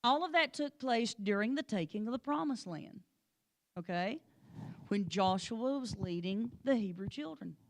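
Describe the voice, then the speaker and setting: A woman teaching a Bible lesson, telling the story with lively energy and calling on class members by name. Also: medium pitch, moderate pace. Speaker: Sunday school teacher.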